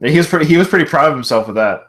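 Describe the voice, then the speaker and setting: A man in his thirties co-hosting a podcast, chatting casually about a film, laughing often and quoting lines with excitement. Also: on the high side, racing. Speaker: podcast co-host.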